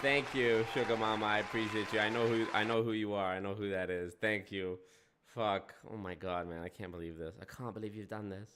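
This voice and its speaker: A man's voice: lowish voice, fairly even intonation, brisk, fairly bright tone, a little hiss or hum. A man commenting on a live stream in a mocking, incredulous way. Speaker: streamer reacting.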